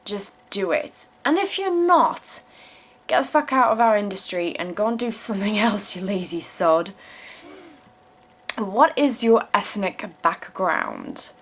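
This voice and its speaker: A woman's voice: mid-range voice, lively intonation, unhurried, husky. A young woman from South Africa, her accent tinged with English, reading viewer questions aloud and answering them in a blunt, casual vlog with plenty of swearing. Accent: South African mixed with English. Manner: emphatic repeated phrases when giving advice.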